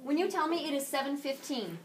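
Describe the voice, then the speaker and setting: A woman Spanish teacher giving a playful, animated classroom lesson, quizzing her students. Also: high voice, a little fast. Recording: distant classroom camera with faint noise.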